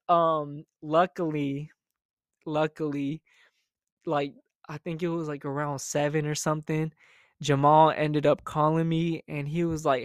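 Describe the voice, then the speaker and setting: A man's voice: on the high side, no echo, clean studio sound. Chatty young man telling a story. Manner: animated, profane, chatty. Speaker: storytime host. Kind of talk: casual storytelling monologue.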